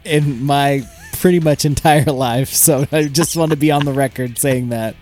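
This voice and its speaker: A man's voice: a little high, fairly even intonation, normal speed, darkish tone, soft background music. A man co-hosting a podcast, chatting casually in a laid-back, amused way. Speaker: podcast co-host. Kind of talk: casual chat.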